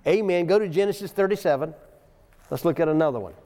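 Talking fast in a warm, slightly high voice, a man preaches a folksy sermon in a church sanctuary. Stories, chuckling asides and scripture readings fill it, and the sound has a long church reverb.

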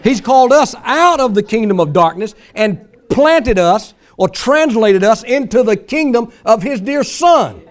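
A man's voice: extremely high pitch, animated, a little slow, few pauses. A male pastor preaching a sermon in a folksy, emphatic way, mimicking pleading prayers for effect.

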